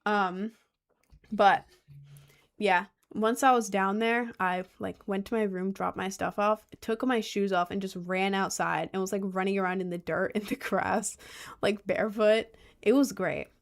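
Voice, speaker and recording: A woman's voice: mid-range voice, steady tone, measured pace, creaky. Rambling young woman streamer. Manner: rambling, filler-heavy, lots of "like". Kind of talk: casual chat.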